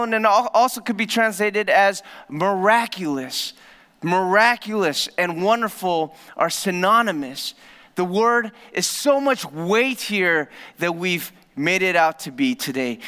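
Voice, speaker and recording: A male pastor preaching a sermon, often dropping to a low, soft voice to stress a point. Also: clean tone. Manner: dramatic drops to a low soft voice for emphasis. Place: church hall. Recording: reverberant church hall.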